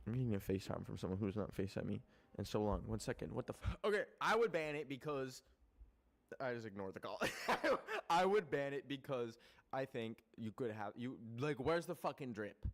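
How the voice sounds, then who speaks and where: A man's voice: medium pitch, normal speed. Rambling, foul-mouthed young Canadian man. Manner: animated, rambling, heavy swearing and filler words. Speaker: streamer. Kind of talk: casual rant to a live chat.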